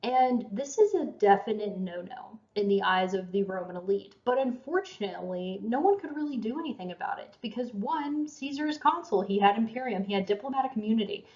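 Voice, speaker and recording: A woman's voice: mid-range voice, lively intonation, brisk, hardly any pauses, a little mellow. Woman lecturer, chatty and self-deprecating, roomy echo, dull lo-fi recording. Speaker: college history lecturer.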